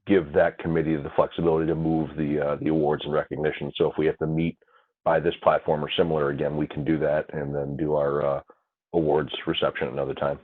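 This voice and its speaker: A man with a very deep voice who speaks quickly over a tinny phone line. He lays out proposals in a matter-of-fact way. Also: flat delivery. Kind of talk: conference-call meeting discussion.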